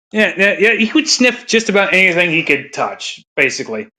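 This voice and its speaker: A man's voice: sits high, pushed and bright. A man ranting casually, crude and rambling, with frequent laughter. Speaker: commentator. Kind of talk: casual rant.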